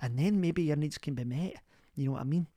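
A man's voice: a little high, brisk, warm tone, no room sound, studio quality, natural voice. A man voicing a chatty middle-aged Scottish woman who hosts a comic advice podcast, rambling and homely with frequent laughs.

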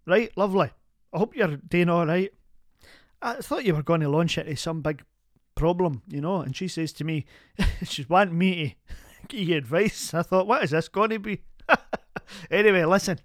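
A man's voice: a little high, moderate pace, pauses often, dry recording, clean studio sound, natural voice. A man putting on a blunt older uncle who banters and laughs as he gives advice. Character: gruff older Scottish uncle, accordion player.

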